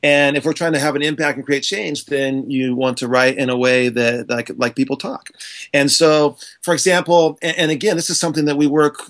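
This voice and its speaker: A man speaks with fierce conviction, leaning hard on his key points. His voice sits a little high for a man. He gestures as he talks, and it carries into his delivery. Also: level tone, brisk, a bit bright. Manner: passionate, emphatic, gesturing while talking. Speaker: guest, author and speaker on teaching. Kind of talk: animated podcast conversation.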